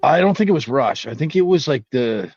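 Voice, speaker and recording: A middle-aged man from Canada co-hosting a casual podcast chat, thinking out loud and correcting himself as he goes. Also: mid-range voice, expressive, a little fast, husky, no echo. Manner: rambling, thinks aloud, self-correcting. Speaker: podcast co-host. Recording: dull, dry, lo-fi sound.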